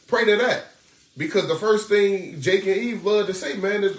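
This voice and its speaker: Street preacher, male, animated and slangy, fairly high voice, recorded far off in an echoey room. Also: moderate pace. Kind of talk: sermon commentary on scripture.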